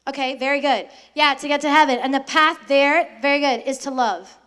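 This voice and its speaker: A young adult woman speaking to high school students in a lively faith talk, asking them questions and acting out quoted voices. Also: brisk.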